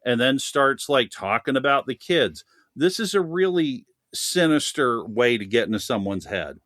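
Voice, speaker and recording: A man's voice: mid-range voice, sing-song, normal speed, a bit bright, dry recording, studio quality. A man chatting animatedly as a guest on a film podcast, laughing often and talking at length. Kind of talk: casual podcast chat.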